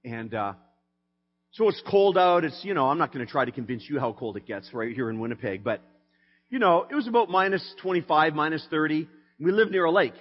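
A middle-aged man speaks with a fairly high voice, telling a personal faith story in an easy, conversational way full of fillers. He shifts between lively telling and quiet, subdued stretches. The sound is dull and lo-fi, with a long reverb from a big hall. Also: fairly quick. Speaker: speaker sharing a testimony.

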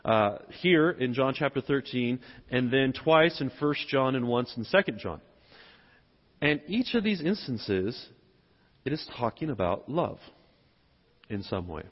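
A man's voice: medium pitch, animated, a little slow, long pauses. A middle-aged man with a Southern US accent preaching a conversational sermon and posing rhetorical questions. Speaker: pastor. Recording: echoey hall, dull sound.

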